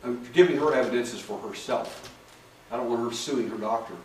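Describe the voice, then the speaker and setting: A hypnotherapist shares case stories with an audience, acting out the dialogue in raised voices, in a talk that takes audience questions. His medium-pitched voice is slightly mellow at a normal speed, picked up far from the mic in an echoey room with faint noise.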